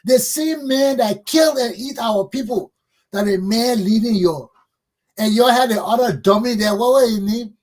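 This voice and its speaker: A middle-aged man with a Liberian accent hosts a talk show, his high voice husky and a little rough. He delivers blunt, scolding political commentary and hurls insults at those he criticizes. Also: moderate pace, a little mellow.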